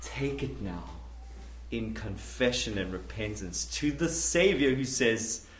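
A man preaching a camp sermon, swinging from hushed, pleading passages to loud, impassioned ones. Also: mid-range voice, lively intonation, slow, a little hiss or hum. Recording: echoey room, mic at a distance.

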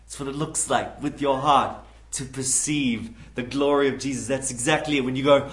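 A man preaching a camp sermon, swinging from hushed, pleading passages to loud, impassioned ones. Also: mid-range voice, expressive, a little slow. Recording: echoey room, mic at a distance.

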